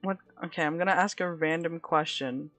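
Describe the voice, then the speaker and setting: A woman's voice: low voice, moderate pace, fairly bright tone, dry recording, soft background music. A woman streaming live, chatting casually with viewers in a giggly, dramatic way, laughing often.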